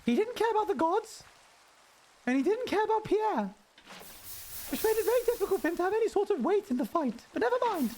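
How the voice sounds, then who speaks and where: A male streamer chats with his viewers in a strikingly high, put-on head voice. He rambles from thought to thought in a loose, casual way and laughs often. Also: very animated, a little fast, long pauses, darkish tone, slight background noise. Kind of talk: casual live-stream chat while gaming.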